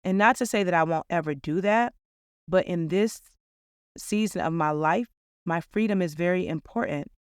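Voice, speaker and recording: Woman podcast host, earnest and upbeat, smooth voice, dry close sound. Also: fairly low pitch, moderate pace, dry recording. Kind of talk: reflective podcast monologue.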